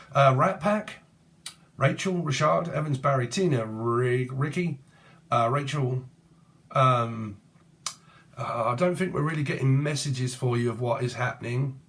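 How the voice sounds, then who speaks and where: A man's voice: mid-range voice, measured pace, a bit bright. A man giving a rambling tarot reading, free-associating between word plays and names in a casual, slangy way. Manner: casual, swears and uses slang. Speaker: tarot reader.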